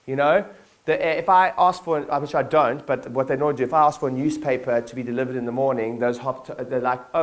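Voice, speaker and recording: A man's voice: medium pitch, fast. A man giving a motivational keynote to his staff in a conference hall, talking casually with lots of fillers and calling on the audience to respond.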